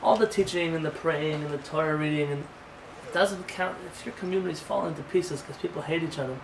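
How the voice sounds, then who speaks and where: Brisk and high-voiced, the rabbi delivers his informal class emphatically and conversationally, often asking questions he doesn't expect answered. Faint noise and a roomy quality come from the distant microphone.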